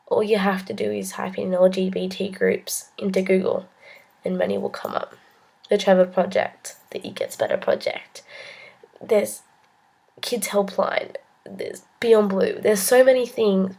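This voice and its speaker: A young woman with an Australian accent speaks to camera in a vlog, sharing a personal story. Her voice is mellow and warm, sitting at an ordinary pitch for a woman. She talks earnestly and haltingly, with frequent ums and restarts. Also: gravelly. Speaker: vlogger.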